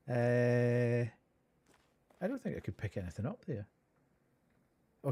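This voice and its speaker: Man, live game streamer, chatty, laughs a lot, lively pitch. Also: slow pace, pauses often, no echo. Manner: chatty, laughs often, talks to chat. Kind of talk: live gameplay commentary.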